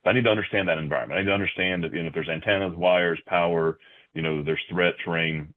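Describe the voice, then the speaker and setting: A man with a very deep voice answers interview questions at a measured pace, often circling back with "you know" and repeated words. His voice comes through a thin, phone-like remote connection that strips away the fullness of the sound. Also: steady tone. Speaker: podcast guest. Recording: tinny phone-like remote line.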